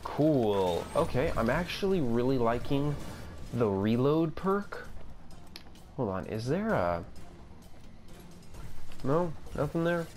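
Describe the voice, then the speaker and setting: A young man talks slowly through his gameplay, thinking aloud and often amazed. His pitch sits in the middle. A faint hum of ambience is under his voice. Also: very animated, a little mellow. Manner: rambling, self-talking, easily amazed. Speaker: gaming video creator. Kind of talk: casual gameplay commentary.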